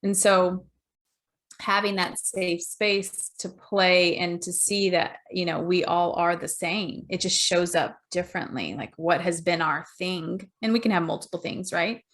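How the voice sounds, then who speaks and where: A woman's voice: fairly low pitch, fairly even intonation, measured pace, fairly bright tone. A woman hosting a casual podcast conversation, talking in a conversational way and checking in with her guest. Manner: conversational, checks in with "right?" and "you know". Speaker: podcast host.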